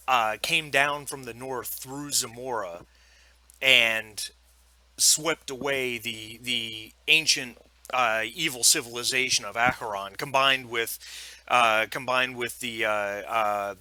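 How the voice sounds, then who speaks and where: A man's voice: mid-range voice, bright, forceful tone, no room sound. A man narrating as game master for a tabletop role-playing game, rambling with many ums and restarts.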